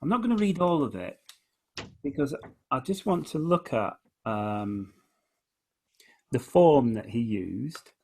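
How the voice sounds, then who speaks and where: A man with a husky, slightly breathy voice explains the rhythm of a poem in an easy back-and-forth chat. He is hesitant and restarts his sentences often. He stretches out each word when he reads verse aloud. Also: mid-range voice, expressive, slow pace, long pauses, dark tone. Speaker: guest discussing poetry. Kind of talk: relaxed conversation, explaining verse.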